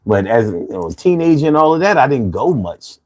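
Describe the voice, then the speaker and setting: Animated streetwise Philly man. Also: medium pitch, a little fast. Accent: Philadelphia. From Philadelphia, USA. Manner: streetwise, laid-back, laughs often. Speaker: livestream host. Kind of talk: casual live chat reading comments.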